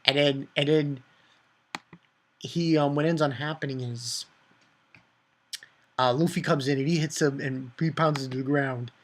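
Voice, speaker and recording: A man giving a casual manga chapter review, excitable and profane, rambling with many fillers. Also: mid-range voice, unhurried, long pauses, a little hiss or hum.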